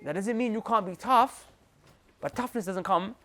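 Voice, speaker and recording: A Muslim preacher, a young man with a high voice, delivers a lively talk to a group at a moderate pace. He uses slang, repeats himself, and speaks directly to his listeners.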